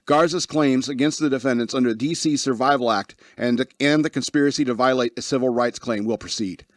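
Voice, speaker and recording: A man's voice: medium pitch, fairly quick, no echo, clean studio sound. A man hosting a talk radio show, reading news stories aloud and breaking off into sarcastic asides and complaints. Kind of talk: casual news commentary.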